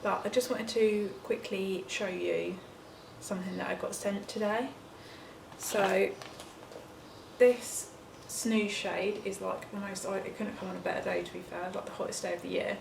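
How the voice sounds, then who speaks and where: A woman's voice: mid-range voice, fairly even intonation, normal speed, creaky. A young English woman, a first-time mum, chatting casually to camera at home, rambling and sometimes whispering. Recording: noisy home recording.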